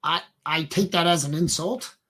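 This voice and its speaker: A man's voice: fairly high pitch, normal speed, sharp tone, slight background noise. A man co-hosting a casual livestream, joking dryly and brushing off compliments. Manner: dry, self-deprecating banter. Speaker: co-host of a livestream.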